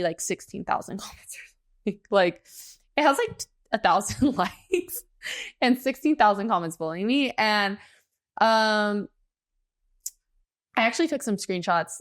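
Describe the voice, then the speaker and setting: A woman's voice: medium pitch, no echo, clean studio sound. A young American woman co-hosting a podcast, ranting casually in a blunt, emphatic way and swearing freely. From United States. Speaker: podcast co-host.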